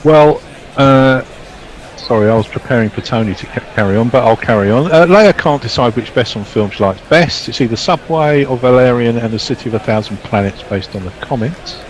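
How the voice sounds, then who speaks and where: A man on a cricket commentary show reading out listener comments in a relaxed, slightly rambling way. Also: medium pitch, a little fast, rough recording. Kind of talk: casual live chat.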